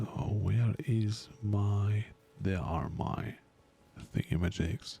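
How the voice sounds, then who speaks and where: A male streamer talks through his game at an unhurried pace, chatting and rambling to his viewers. His low voice has a gravelly fry and a dark, mellow tone. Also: slight background noise. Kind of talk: casual live-stream commentary while gaming.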